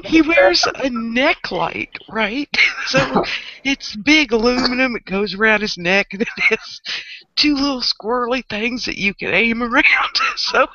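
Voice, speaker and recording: A woman's voice: a little high, animated, a little slow, pushed and bright. A woman with a Southern US accent chatting casually and breaking into laughter as she tells a story. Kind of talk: casual chat. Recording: dull lo-fi audio with faint noise.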